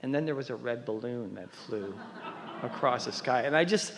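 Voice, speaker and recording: A man speaking haltingly from the stage of a workshop, pausing and restarting as he looks for his words. His mid-pitched voice rings in the hall, with a long reverb behind it. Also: slight background noise. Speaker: audience member on stage. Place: large hall at a live workshop.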